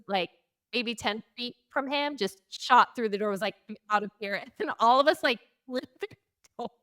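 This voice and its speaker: A middle-aged woman telling a chaotic travel story in a casual chat, animated and laughing often, acting out quotes in a higher voice. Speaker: podcast host.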